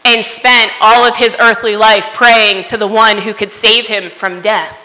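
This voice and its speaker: Woman giving a sermon, bright voice, big echoey church hall. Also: on the high side, little pitch movement, measured pace. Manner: earnest, asks the listener "right?" often. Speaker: preacher. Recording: long hall reverb.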